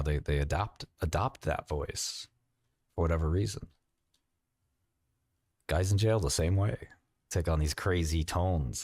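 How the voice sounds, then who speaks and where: A middle-aged man with a New York accent hosting a livestream, rambling with quick asides and mocking questions. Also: low voice, a little mellow, no room sound, studio quality. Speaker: livestream host. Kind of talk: casual livestream chat.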